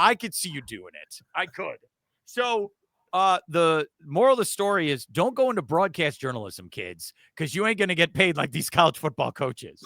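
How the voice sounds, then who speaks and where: A man co-hosting casual sports talk, excitable and joking. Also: sits high, gravelly, no room sound, clean studio sound.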